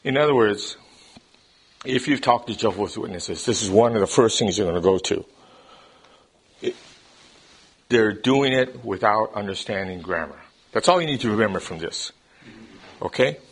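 A man teaches a Bible study class in a classroom lecture style, explaining things step by step and often checking in with his listeners. His voice is lowish, animated, and breathy-edged at a normal speed, with frequent pauses, and he repeats words as he begins a thought.

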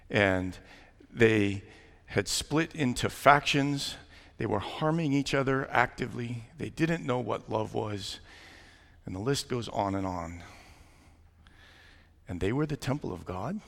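Pastor, male, mid-pitched and gravelly; casual, joking sermon delivery, reverberant sanctuary. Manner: conversational, gently joking preaching. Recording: long hall reverb.

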